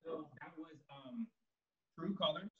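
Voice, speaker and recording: A man's voice: a little high, a little slow. A man pianist listing songs hesitantly with many ums, sitting back from a laptop on a video call. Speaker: pianist guest. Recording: distant, muffled laptop audio.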